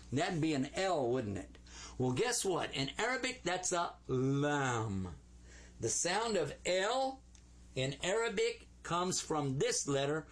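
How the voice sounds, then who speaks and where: A man teaching Arabic letters to a class, sounding out each letter slowly and playfully. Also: mid-range voice.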